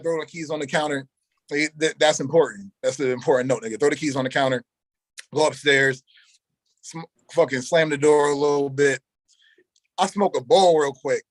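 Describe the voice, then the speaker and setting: A young man spins a long story as an interview guest, animated and full of street slang, and he acts out every quoted line. His voice sits a little high for a man. The sound is dry and close. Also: dry recording, rough recording. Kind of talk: casual storytelling.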